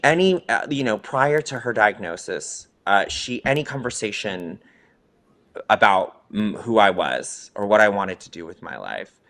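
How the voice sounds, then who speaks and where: Man, young adult, earnest and reflective, lowish voice, interview talk. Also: fairly bright tone. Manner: earnest, reflective, openly emotional at times. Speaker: documentary subject, drag musician. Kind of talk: interview conversation.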